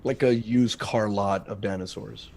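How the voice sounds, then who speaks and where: A man's voice: fairly low pitch, steady tone, measured pace, gravelly, a little mellow, slight background noise. A man playing a character at a tabletop game, chatting casually and playfully joking with the table. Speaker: player.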